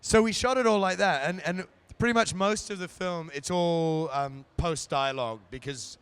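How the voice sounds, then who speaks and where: A man's voice: on the high side, normal speed, a bit bright, smooth. A man, a guest actor, chatting and telling anecdotes at a live stage event, sometimes putting on silly voices. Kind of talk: casual stage interview.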